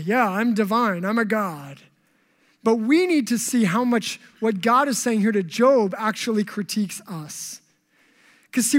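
A pastor preaching a conversational sermon, with humorous asides. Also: medium pitch. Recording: long reverb in a hall.

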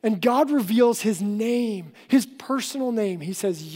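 A woman pastor preaching a sermon, explaining earnestly and slowing down for emphasis. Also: on the high side, lively intonation, warm tone. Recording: long hall reverb.

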